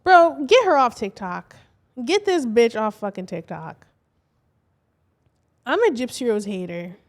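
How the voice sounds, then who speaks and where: A woman's voice: fairly high pitch, animated, measured pace. A woman co-hosting a podcast, talking bluntly and sarcastically with casual swearing. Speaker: podcast co-host.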